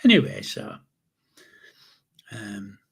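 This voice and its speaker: Man, 70s, slow husky storyteller, rambling memoir. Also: lowish voice, very animated, a bit bright. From England. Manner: rambling, halting, with chuckles. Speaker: channel host, grandfather. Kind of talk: casual spoken memoir storytelling.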